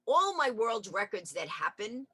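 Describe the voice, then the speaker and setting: A woman, a guest on an interview show, tells lively, animated anecdotes over a remote call. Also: on the high side, a little slow, husky. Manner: animated, acts out quoted voices.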